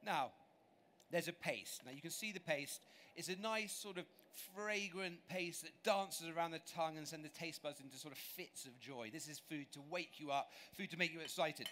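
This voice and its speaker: A man's voice: fairly high pitch, moderate pace, bright, forceful tone, a little hiss or hum. A man from England giving a live cooking demonstration on a show stage, chatty, enthusiastic and self-deprecating as he talks through his dishes. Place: large exhibition stage.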